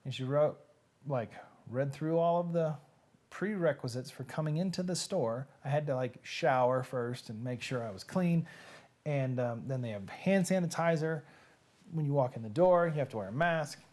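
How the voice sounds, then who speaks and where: A man's voice: on the high side, moderate pace, darkish tone. A man hosting a live-streamed reading show, chatting casually and joking straight to his viewers. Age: adult with nieces and nephews who have babies.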